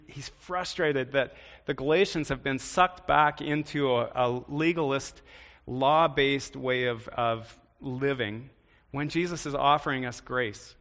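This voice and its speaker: A man's voice: mid-range voice, a bit bright, big-room sound. A man preaching a sermon in a conversational way, often turning to the congregation with questions. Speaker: pastor.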